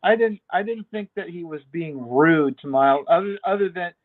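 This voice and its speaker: A man's voice: high-pitched, moderate pace, no echo. A man co-hosting a casual TV review chat, laid-back, stammering through restarts and laughing often. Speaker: podcast co-host. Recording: dry tinny call audio.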